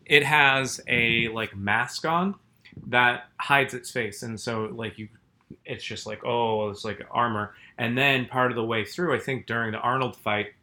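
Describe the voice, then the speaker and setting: Bright-voiced rambling male storyteller. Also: mid-range voice, steady tone, measured pace. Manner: rambling, self-interrupting storyteller. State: groggy after a nap. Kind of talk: casual chat.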